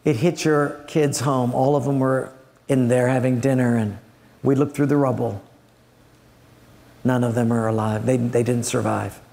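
A man's voice: mid-range voice, fairly even intonation, gravelly, voice pushed down, natural voice. A man voicing a grieving male messenger who halts and apologizes as he brings bad news. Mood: somber. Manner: hushed, halting, apologetic. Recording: long hall reverb.

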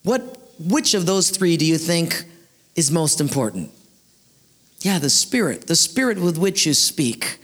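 A man in his thirties preaching a sermon, telling stories in an animated way. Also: fairly high pitch, unhurried. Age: 30s. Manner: animated storyteller, acts out voices. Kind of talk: storytelling sermon.

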